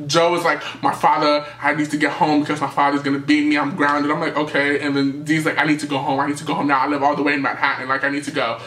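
A young man from New City, telling a storytime tale in a lively, animated way and acting out what people said. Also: on the high side, fast, few pauses, roomy sound. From New York City. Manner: animated storytelling, acting out quotes, jumps to yelps. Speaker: vlogger. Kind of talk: storytime vlog.

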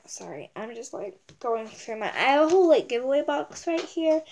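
A woman's voice: high voice, a little mellow. A young woman rambling casually in a giveaway vlog, bubbly and full of "like". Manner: rambling and bubbly, many likes. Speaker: vlogger. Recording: noisy home recording.

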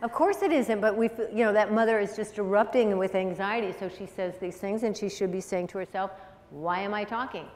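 A middle-aged woman psychologist giving a lively, conversational public lecture to parents, often asking the audience questions. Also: medium pitch, brisk, hardly any pauses. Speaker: speaker, psychologist. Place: high school auditorium. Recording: long hall reverb.

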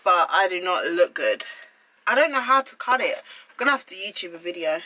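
A woman's voice: fairly low pitch, expressive, a little fast, sharp tone, poor audio. A young woman vlogging at home, flustered and exclaiming in disbelief as she swears her way through cutting her hair. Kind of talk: casual vlog.

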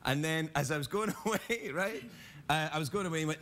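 A man's voice: fairly high pitch, quick pace. A man with a Glaswegian accent hosting a late-night talk show, telling a story with theatrical flair. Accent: Scottish, Glaswegian. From Scotland. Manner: animated, theatrical storytelling with acted-out voices. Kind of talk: comic talk show banter.

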